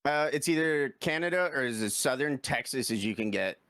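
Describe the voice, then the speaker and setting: Enthusiastic man, lively up-and-down pitch, dry sound, casual co-host talk. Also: normal speed, dry recording. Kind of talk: casual chat.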